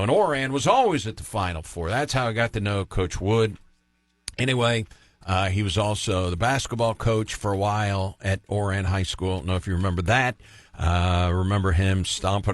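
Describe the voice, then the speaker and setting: Sports radio host, man, low voice, dry studio sound, chatty and opinionated. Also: dry recording. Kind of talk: casual sports radio talk.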